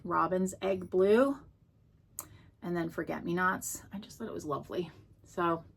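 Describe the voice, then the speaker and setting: A woman's voice: medium pitch, creaky, pushed and bright, slight background noise. A woman casually showing off her thrift finds, chatty and gushing, with many ums and restarts. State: out of breath. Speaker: thrift vlogger. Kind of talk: casual show-and-tell chat. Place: home.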